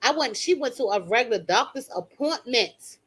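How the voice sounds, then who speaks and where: A woman's voice: on the high side, lively intonation, moderate pace, a bit bright, breathy edge. Older woman hosting a live stream, emphatic and talking straight to viewers. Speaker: channel host reading viewer comments. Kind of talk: casual live-stream chat.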